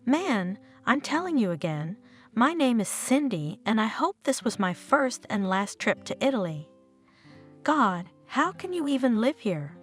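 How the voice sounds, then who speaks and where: A woman's voice: a little high, very animated, unhurried, soft background music. A woman reading the lines of an irritable, short-tempered foreign woman tourist in a storybook narration. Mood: irritated.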